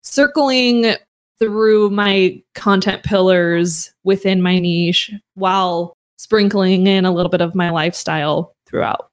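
A woman's voice: medium pitch, slow pace. Young woman, podcast guest, casual, chatty, filler "like". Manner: chatty, uses "like" often, mimics voices in quotes. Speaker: podcast guest, online educator. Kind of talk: casual interview talk.

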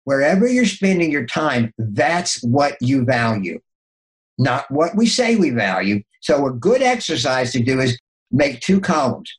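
An older man with a mid-range voice speaks as a podcast guest, telling motivational stories. He shifts his pitch sharply as he acts out his own inner dialogue. He often stumbles, restarts and repeats words. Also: big pitch swings, unhurried, rough recording. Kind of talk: motivational storytelling.

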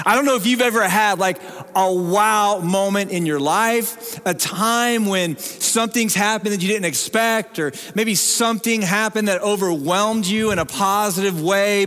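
A middle-aged man preaching a sermon as pastor, telling stories in an animated, humorous way. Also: high-pitched. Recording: long reverb of a large hall.

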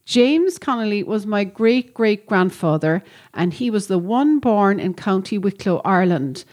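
A woman reading aloud a friendly letter from an Australian listener, in a plain, warm reading voice. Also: medium pitch, animated, a little slow, lightly acted.

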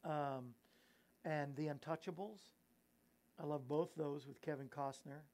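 A man's voice: on the high side, fairly even intonation, measured pace, a little mellow. Rambling, giggly man. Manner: rambling, giggly, self-mocking; preachy exhortation. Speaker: host and evangelist. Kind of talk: casual Christian talk show chat.

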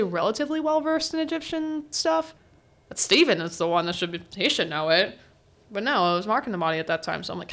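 A woman's voice: medium pitch, bright, forceful tone. A young woman hosting a student podcast, chatting casually through a show recap and laughing often as she quotes characters. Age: teens. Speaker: podcast host. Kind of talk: casual solo recap chat.

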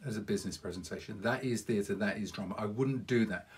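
Husky-voiced man coaching speakers. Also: on the low side, fast. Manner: earnest, encouraging, direct to listener. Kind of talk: podcast lesson.

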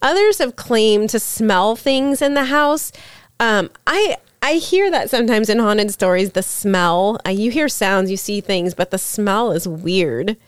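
A woman's voice: medium pitch, lively intonation, unhurried, clean tone, no room sound, studio quality. A woman co-hosting a casual podcast chat, telling local haunted stories in a chatty way and laughing often. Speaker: podcast co-host.

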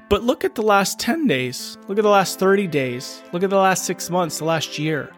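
A middle-aged man hosting a solo podcast, thinking aloud in an earnest, questioning way. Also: a little high. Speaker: podcast host. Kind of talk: reflective solo podcast monologue.

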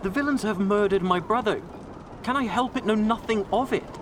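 A woman's voice: mid-range voice, normal speed, slight background noise, close to an everyday voice. A woman voicing a cold, scheming naval captain who speaks curtly and with scorn. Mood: protesting.

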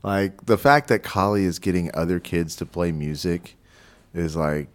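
Deep voice, man, radio host, casual chat, laughing, studio mic. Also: normal speed. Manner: chatty, laughing, many fillers.

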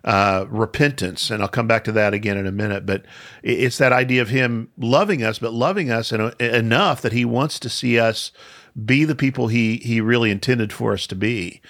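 A man hosting a podcast, teaching the Bible in a conversational way, thinking aloud with restarts and slowing down to stress key points. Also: mid-range voice, a bit bright. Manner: thoughtful, with frequent restarts and slow emphasis.

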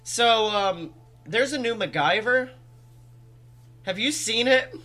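A young man with a high voice, co-hosting a comedy podcast. His tone is bright and sharp. He spins animated, jokey stories in loose casual chat and swears freely. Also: takes it slowly, soft background music. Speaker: podcast co-host.

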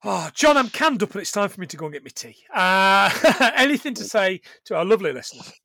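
Male podcast host, high and bright, very expressive, sweary, dry close mic. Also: fast, creaky, dry recording. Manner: sweary, animated, laughs often. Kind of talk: casual podcast chat.

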